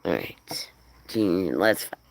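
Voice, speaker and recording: A woman rambles through a casual vlog, swearing freely and cooing at her dog in playful baby-talk. Her voice is gravelly and she talks in slow, drawn-out phrases that swing widely up and down in pitch. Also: lively intonation. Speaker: vlogger talking to her dog.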